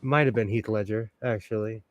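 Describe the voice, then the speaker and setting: A man's voice: on the low side, steady tone, brisk, noisy background. A man, hosting a casual livestream while he sews, rambling and sentimental with lots of fillers. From United States. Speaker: host.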